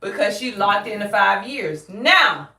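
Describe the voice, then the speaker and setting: A woman's voice: mid-range voice, expressive, a little slow, sharp tone, reverberant. A woman real estate agent with a Southern accent teaches a live-streamed lesson in a folksy way, quizzing her viewers and calling them y'all.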